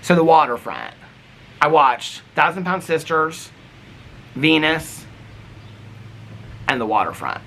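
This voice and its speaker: Male vlogger, chatty and meandering, bright lively delivery, slight background hiss. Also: on the high side, slow, pauses often. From United States. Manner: rambling, animated, lots of "like". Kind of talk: casual daily vlog chat.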